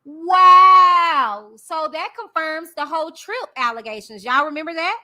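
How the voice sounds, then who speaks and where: A woman's voice: high voice, big pitch swings, brisk, pushed and bright. A young woman hosting a casual commentary vlog. She reads a court document aloud and breaks off to chat directly with her viewers in slangy asides. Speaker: YouTube commentary host.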